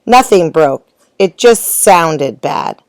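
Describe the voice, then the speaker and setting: A woman's voice: fairly low pitch, animated, slow pace, no room sound. A woman voicing an earnest young boy elephant reassuring his mother in a storybook.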